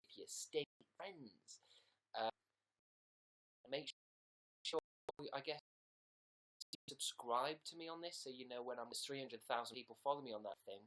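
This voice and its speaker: A man's voice: mid-range voice, a bit bright. A man with an English accent chatting casually on a livestream, rambling and joking at his own expense. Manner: rambling, silly and self-mocking. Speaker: livestream host.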